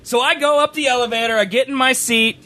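A man telling a rambling story on a stream, animated, sometimes rising to a shout. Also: extremely high pitch, fast talker. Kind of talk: casual storytelling chat.

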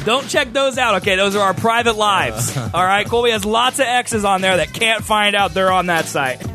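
A young man co-hosting a podcast in casual chat, animated and laughing often, with a sing-song delivery. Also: high voice, moderate pace, music in the background. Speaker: podcast co-host.

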